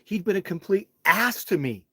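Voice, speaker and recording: A man hosting a live stream, answering chat in a rambling way that heats up into loud, indignant rants with cursing. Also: high-pitched, animated, normal speed, slightly rough, dry recording.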